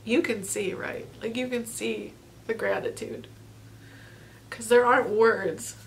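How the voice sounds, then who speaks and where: A woman's voice: a little high, takes it slowly, a little hiss or hum. A woman recording a personal video diary, talking emotionally and tearfully with frequent laughter, rambling with lots of fillers. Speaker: vlogger.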